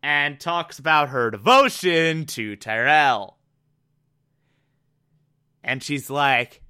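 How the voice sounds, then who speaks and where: Excitable man recapping a TV episode. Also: fairly high pitch, slow, pauses often, clear, resonant tone. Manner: excitable, profane, filler-heavy. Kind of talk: casual TV recap.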